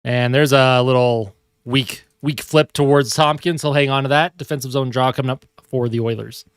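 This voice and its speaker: A man's voice: mid-range voice, steady tone, moderate pace, clean tone, no echo, clean studio sound. A man doing live hockey play-by-play from home in a casual, chatty way, with asides to viewers. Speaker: hockey stream host. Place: home room.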